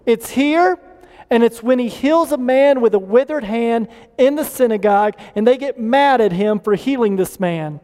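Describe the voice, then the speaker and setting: High-voiced man preaching in a reverberant hall. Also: a little mellow. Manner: earnest preaching, rising emphasis and slowing for key lines. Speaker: pastor. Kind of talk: sermon.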